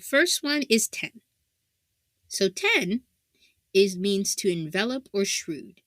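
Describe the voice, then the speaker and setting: A woman hosts a casual anime analysis in a rambling way, with lots of "like" fillers and frequent laughter. Her voice is bright and forward. The recording is dry and close, with no room sound. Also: medium pitch, sing-song, slow pace, dry recording.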